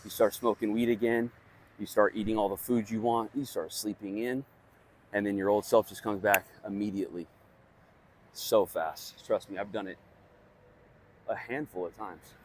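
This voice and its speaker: A man's voice: fairly low pitch, steady tone, normal speed, long pauses, slight background noise. A young man talking bluntly and casually to camera, swearing often and padding his thoughts with fillers as he shares self-help reflections. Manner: blunt, profane, conversational, heavy on fillers. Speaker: vlogger sharing personal growth.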